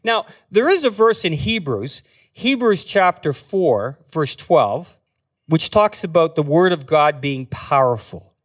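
A man giving a talk as a guest speaker, earnestly guiding a small group through a slow, meditative scripture reading. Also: on the high side, big pitch swings. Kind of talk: sermon with guided scripture reading. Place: meeting room with a small group.

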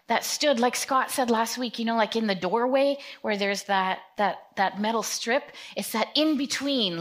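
A woman in her fifties giving a casual, conversational sermon, acting out scripture scenes in quick quoted voices. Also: a little high, fairly bright tone. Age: 50s. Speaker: preacher.

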